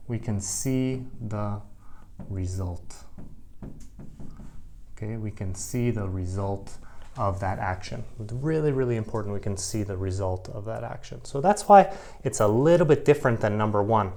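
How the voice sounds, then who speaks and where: A man's voice: medium pitch, a little mellow. A middle-aged man teaching English grammar to camera, explaining patiently and repeating key phrases.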